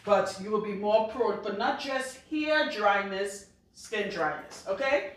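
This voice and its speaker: A woman's voice: medium pitch, animated, measured pace, recorded from a distance. Blunt Trinidadian woman in echoey room. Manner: blunt, outspoken, cusses freely, laughs loudly. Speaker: loctician. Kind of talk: casual talk to camera.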